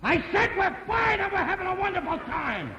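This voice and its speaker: A man with an American accent playing a loud, blustery working-class guy in an old 1950s TV sitcom. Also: high voice, sing-song, moderate pace, lo-fi sound. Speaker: traveling contest winner. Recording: old TV audio, hissy, reverberant.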